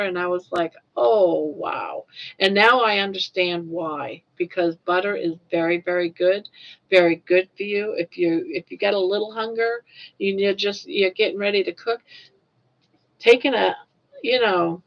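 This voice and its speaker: Gravelly older woman chatting on a livestream. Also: medium pitch. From Maine. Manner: rambling, repeats words and restarts often. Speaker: livestream host. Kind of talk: casual livestream chat. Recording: dull lo-fi livestream audio.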